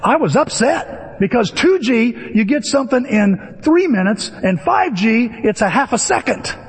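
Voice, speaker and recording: Older male pastor, high and lively delivery, lots of swoops, story-driven sermon. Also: unhurried, husky, long reverb tail. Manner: animated storytelling with acted-out voices.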